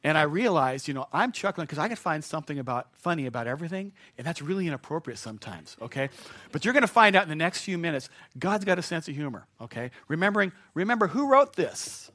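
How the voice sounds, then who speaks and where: A man's voice: fairly high pitch, very animated, quick pace, few pauses, pushed and bright, no room sound. Chuckling, jokey preacher man. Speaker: pastor. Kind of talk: sermon.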